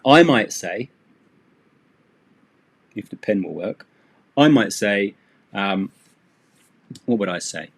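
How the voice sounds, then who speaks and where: A man's voice: fairly low pitch, expressive, slow pace, long pauses, husky. A man teaching English on a live stream, chatty and rambling, with self-deprecating asides.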